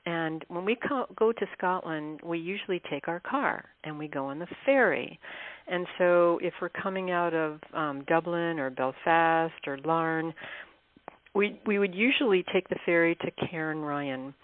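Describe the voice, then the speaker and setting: A woman, a guest author, telling travel stories in a chatty interview, often laughing and clearing her throat. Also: lowish voice, measured pace, no echo. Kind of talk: casual interview storytelling. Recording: dry tinny phone line.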